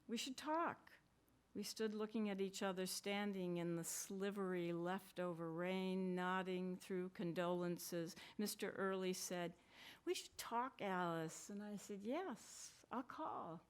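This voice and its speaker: A woman author reading her literary fiction aloud in a measured, deliberate way, with brief asides to the audience. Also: on the high side. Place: conference reading.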